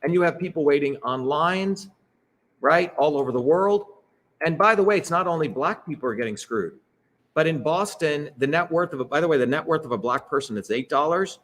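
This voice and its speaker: A man's voice: on the high side, expressive, a little fast, fairly bright tone. A middle-aged man giving an emphatic, rhetorical public talk with slides, often checking in with "okay?" and "right?". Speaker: speaker leading a political talk.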